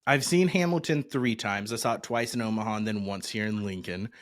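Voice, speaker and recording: Man, podcast co-host, casual chat, upbeat, low voice, dry recording. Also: fairly quick, no room sound. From Nebraska, USA. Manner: chatty, upbeat, rambling asides.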